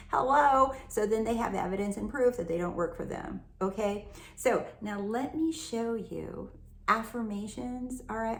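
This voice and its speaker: A woman's voice: mid-range voice, a little mellow, a little hiss or hum. A woman from California, a self-help coach, talking casually and emphatically to her viewers, swearing freely. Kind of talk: casual teaching monologue. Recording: echoey room, faint ambience.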